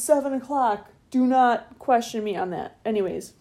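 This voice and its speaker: A middle-aged woman in casual podcast chat, spinning stories with plenty of lift and drop in her voice. She acts out the people in them. Her tone is dark and mellow. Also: a little high, moderate pace. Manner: animated storytelling, acts out voices. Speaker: podcast co-host.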